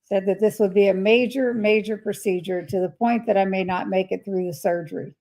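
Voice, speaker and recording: An older woman chats on her livestream, reading out viewers' messages and answering each one. Her voice is gravelly with a mellow, dark tone, and she speaks at an everyday middle pitch. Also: fairly even intonation, a little fast, low-quality recording. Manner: chatty, reads messages aloud and replies warmly. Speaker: livestream host. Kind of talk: casual livestream chat, reading viewer comments aloud.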